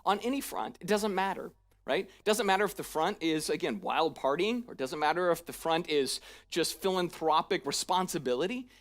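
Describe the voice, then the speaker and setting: A pastor preaching a sermon in a church, talking conversationally, often checking in with "right?", and acting out paraphrased lines in a lively, casual voice. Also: mid-range voice, moderate pace.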